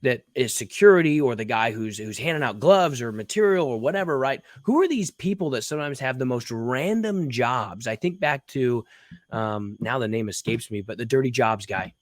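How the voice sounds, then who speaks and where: A man's voice: medium pitch, expressive, moderate pace, no room sound. Man telling stories in dry sound. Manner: storytelling, asks many questions. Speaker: podcast co-host. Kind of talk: casual chat.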